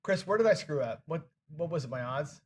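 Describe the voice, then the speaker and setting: A man's voice: on the high side, expressive, a little fast, slightly rough. A man hosting a live craps stream in casual chat, frustrated and self-deprecating, swearing and scolding himself over his mistakes. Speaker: craps show host.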